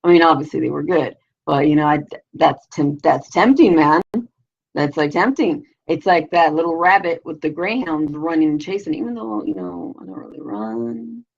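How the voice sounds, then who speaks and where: Middle-aged lady on a live stream, low gravelly voice, slangy and rambly, swears a lot, dull lo-fi audio. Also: animated, moderate pace. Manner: slangy, swears freely, many fillers. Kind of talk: casual rambling chat.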